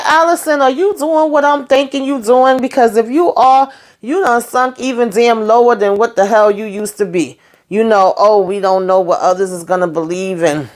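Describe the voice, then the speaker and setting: Her voice sits on the low side and sounds a little mellow as this TV recapper casually runs through an episode. She's outspoken and blunt, curses freely, and slips into quick character voices as she recounts scenes.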